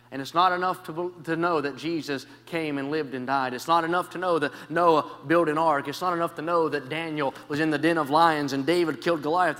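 Male evangelist, bright and forceful tone, storytelling sermon that goes from hushed to shouting, long church reverb. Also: mid-range voice. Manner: impassioned storytelling, swings from quiet to shouting; repeats "can I say" as a preaching cue. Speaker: traveling preacher. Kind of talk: revival sermon. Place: church sanctuary.

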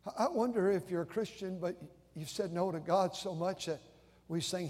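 A man's voice: high-pitched, normal speed, a little mellow, slightly rough. An older man preaching a sermon in a conversational, storytelling way, often stammering and repeating his starts. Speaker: pastor. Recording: long hall reverb.

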